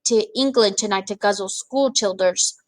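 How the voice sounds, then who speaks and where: A woman voicing a huge, greedy, bullying male giant who booms and shouts insults in a storybook reading. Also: moderate pace, no room sound, close to an everyday voice. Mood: gloating bully.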